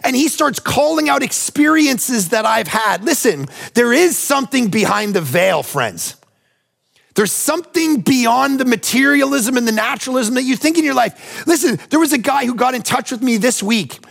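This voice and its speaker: A male pastor with a notably high voice and a gravelly, frayed edge to it. He preaches in a conversational way, weaving personal stories into his sermon and pressing his point with direct appeals to the congregation. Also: animated, normal speed, a bit bright. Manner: conversational, emphatic, often addresses listeners directly.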